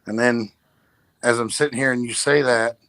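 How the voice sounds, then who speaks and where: A man speaking as a co-host on a talk show, in a measured, conversational way. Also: mid-range voice, fairly even intonation, fairly bright tone, no echo. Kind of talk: casual talk-show chat.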